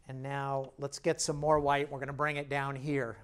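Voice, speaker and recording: A man's voice: mid-range voice, flat delivery, moderate pace, clean tone. A man giving a step-by-step painting lesson, admiring and encouraging as he works. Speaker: painting instructor.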